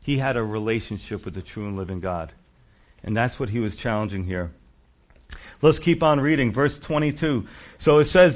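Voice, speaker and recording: A male pastor preaching a sermon with emphatic, animated delivery and conversational asides. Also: medium pitch, fairly quick.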